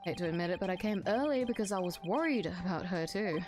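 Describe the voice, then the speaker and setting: A woman reading the lines of a calm adult male defense lawyer from a video game, in a wry, level-headed way. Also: on the low side, quick pace, faint music behind, natural voice.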